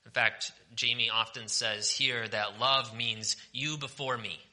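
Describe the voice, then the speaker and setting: A male pastor preaching a sermon with passion, moving from forceful declarations down to hushed, almost whispered lines. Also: medium pitch, steady tone, a little slow. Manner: impassioned, swings from forceful preaching to near-whispers.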